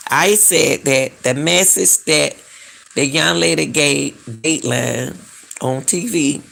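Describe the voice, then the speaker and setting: Slow, gravelly middle-aged woman commentator. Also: low voice, fairly bright tone. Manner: emphatic, repeats phrases, fires rhetorical questions. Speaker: commentary channel host. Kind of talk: casual commentary on a missing-person case.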